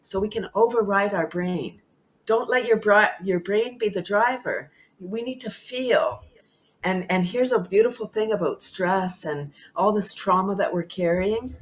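A woman guest on a talk show, speaking with bubbly enthusiasm, laughing often and repeating herself for emphasis. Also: mid-range voice.

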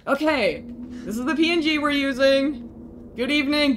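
A woman's voice: high-pitched, normal speed, very noisy. A woman streaming a game, talking to chat and groaning in frustration at the game.

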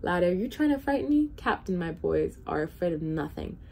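A woman's voice: on the low side, big pitch swings, fairly quick, creaky, a little mellow, slight background noise. A woman voicing a vain, carefree male captain of the guards who breezily waves off danger in a storybook reading. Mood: breezy. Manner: breezy, dismissive.

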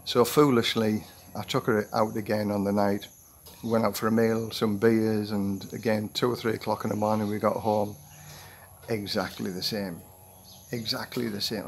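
A man's voice: lowish voice, steady tone, moderate pace, creaky, a little hiss or hum. A retired man in his sixties telling a rambling personal anecdote to camera, full of restarts and acted-out quotes. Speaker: vlogger. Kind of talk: storytelling monologue.

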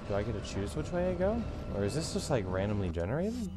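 A man giving gameplay commentary, frustrated and swearing, often yelling strings of repeated no's. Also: medium pitch, very animated, quick pace, over loud music. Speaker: gaming YouTuber. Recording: noisy home recording.

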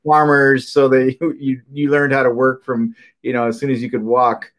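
An older man from Minnesota, a podcast guest, talking in a halting way with many fillers and soft laughs. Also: medium pitch, level tone. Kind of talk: casual interview chat.

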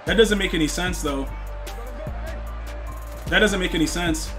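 Excitable high-voiced young male streamer. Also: a little slow, music in the background. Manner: excitable, repeats himself, slangy, frequent outbursts. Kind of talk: live gameplay commentary chatting with viewers.

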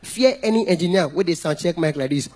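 A man with a Nigerian accent doing stand-up comedy, animated and breaking into song and mock shouting. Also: on the high side, fairly quick, slightly rough.

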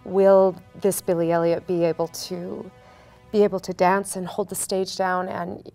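Chatty Canadian actress. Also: female voice, on the low side, moderate pace, gravelly, faint music behind. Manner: animated, chatty, laughs easily. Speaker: musical theatre actor. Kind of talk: casual Q&A chat.

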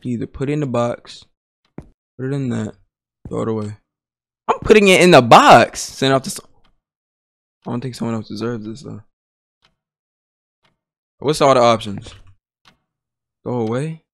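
A man's voice: medium pitch, normal speed, creaky, long pauses, no echo, studio quality. A young man streaming a horror game, talking to himself and his chat in nervous, slangy bursts. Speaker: gaming streamer.

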